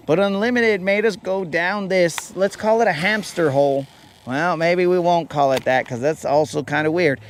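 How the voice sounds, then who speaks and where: A man's voice: sits high, moderate pace. A man hosting a fishing show who tells a rambling, playful story in casual slang. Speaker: fishing podcast host.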